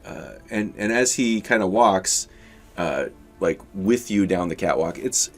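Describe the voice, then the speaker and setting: A man narrating a tabletop game as game master, halting and full of fillers. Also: low voice, soft background music.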